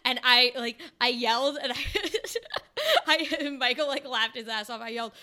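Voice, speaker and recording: A woman's voice: sits high, expressive, a little slow, sharp tone. A woman co-hosting a casual podcast chat, enthusiastic and rambling, filling her talk with "like".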